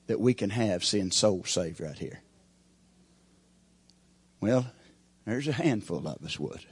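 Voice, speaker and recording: Husky preacher man. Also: lowish voice, expressive, slow pace, long pauses. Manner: call-and-response preaching, rising and falling emphasis. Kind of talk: sermon.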